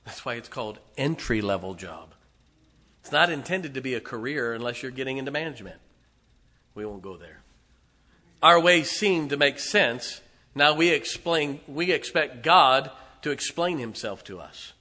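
A man preaching a sermon in a church, emphatic, swinging between loud outbursts and hushed asides. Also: medium pitch, animated, moderate pace, long reverb tail.

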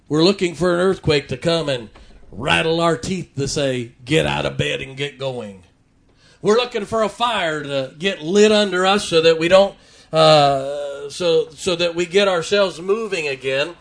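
A male pastor preaching from his pulpit in a church. His pitch sits a little high for a man, and he punches key words loudly before dropping into quiet, fast asides. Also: vocal fry. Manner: preaching with sudden loud emphasis and quiet asides. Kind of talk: sermon. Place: church sanctuary.

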